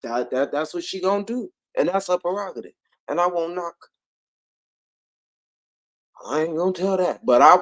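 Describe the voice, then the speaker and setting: A man's voice: high voice, animated, a little fast, fairly bright tone. Laughing, drawling livestream host man. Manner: drawling, laughing, profane, repeats himself. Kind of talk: casual commentary livestream.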